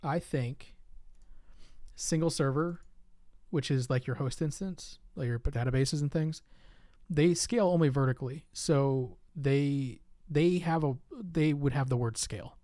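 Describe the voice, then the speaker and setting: Guy on a design stream, casual, thinks out loud, dry mic. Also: a little high, measured pace, no room sound. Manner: thinks aloud, musing and drawn out. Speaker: software designer streaming with a partner.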